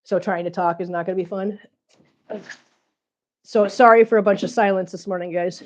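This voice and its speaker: A woman's voice: mid-range voice, steady tone, moderate pace, highs cut off. A woman hosting a casual livestream, short of breath from chest congestion, chatting and reading out viewer comments. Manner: chatty, teasing, laughs often, reads out viewer comments. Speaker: cat channel livestream host. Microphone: close mic, breathing audible.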